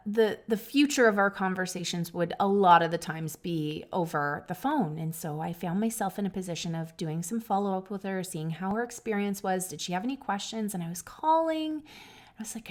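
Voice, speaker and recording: A woman hosting a podcast, telling a personal story in an earnest, emotional way, with many restarts and asides to her listeners. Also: medium pitch. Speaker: podcast host.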